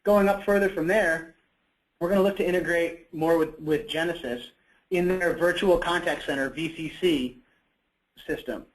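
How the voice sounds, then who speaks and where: A man presenting in a business webinar with a somewhat high voice. He talks in a loose, conversational way, often saying "you know" and correcting himself partway through sentences. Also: poor audio. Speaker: product presenter.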